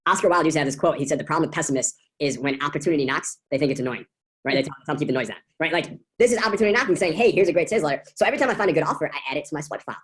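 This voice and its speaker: A woman's voice: low-pitched, expressive, very fast. A woman co-hosting a course, teaching in an enthusiastic, rambling way over a video call, with many fillers and restarts. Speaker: course co-host. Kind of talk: casual teaching talk.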